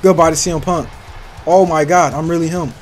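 A man's voice: fairly high pitch, steady tone, fairly quick, soft background music. A young man giving casual, hyped gameplay commentary, trash-talking opponents in slangy banter. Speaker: gaming YouTuber.

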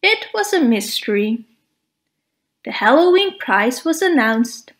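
Woman, children's storybook read-aloud, high voice, slow unhurried pace, expressive. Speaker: storybook reader.

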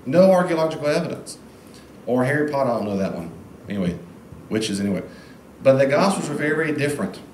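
A man teaching the Bible in an informal classroom lecture, lively and acting out quoted voices, recorded in a room with a live audience. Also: mid-range voice, quick pace, pauses often, a little hiss or hum. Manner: animated, acts out quoted voices. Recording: echoey room, faint ambience.

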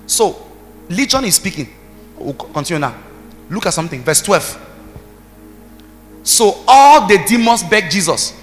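A man preaching a sermon as pastor, emphatic, with shouted bursts and commands to the congregation. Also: high voice, very animated, unhurried, pauses often. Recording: reverberant hall with music behind.

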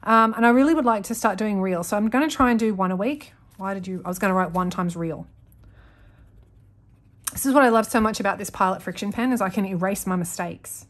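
Young woman, casual planner vlogger, rambles and self-corrects, mid-pitched. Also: brisk. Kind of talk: casual chatty narration while journaling.

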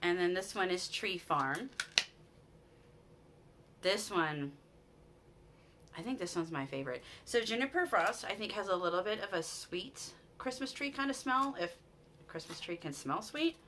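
A chatty woman with a drawl, showing off her shopping finds in a gushing, sentimental way. Her voice sits low for a woman but sounds bright and forward. A faint hiss of background noise runs under her voice. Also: animated, a little slow, pauses often. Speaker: vlogger. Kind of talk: casual haul chat to camera.

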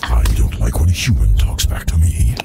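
A man doing an impression of Venom, a monstrous alien symbiote, speaking in a deep gravelly growl and slowly threatening to eat the other players in game voice chat. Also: expressive, music in the background, heavily acted. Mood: menacing. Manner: slow menacing threats. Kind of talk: in-character voice chat during an online game.

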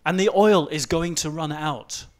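Man in his forties, slightly high voice, humorous stage talk, animated delivery, quiet asides and loud outbursts. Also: measured pace. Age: 40s. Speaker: speaker giving a short stage talk. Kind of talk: fast-paced humorous presentation. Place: event stage before a live audience.

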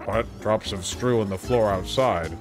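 A man voicing a defensive fat male toad cook in a video game, speaking lower and dodging blame with stammered denials. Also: measured pace, over music, lightly acted.

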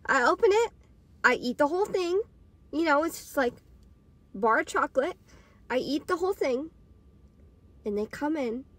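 A woman's voice: high voice, lively intonation, moderate pace, pauses often, dry recording. A woman in her twenties telling a casual storytime tale, rambling and packed with "like" fillers. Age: 20s. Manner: rambling, filler-heavy with frequent "like". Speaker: podcaster and storytime vlogger.

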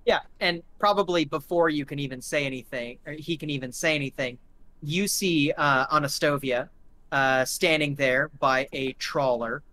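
Bright-voiced man running the game. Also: on the high side, normal speed. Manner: rambling, filler-heavy narration. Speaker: game master. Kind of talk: narrating a live tabletop game.

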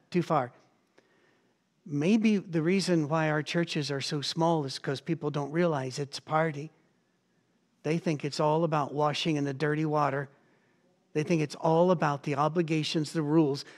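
A man's voice: fairly high pitch, steady tone, normal speed. A middle-aged man preaching a sermon as pastor, telling stories with energy and acting out the voices of the people he quotes.

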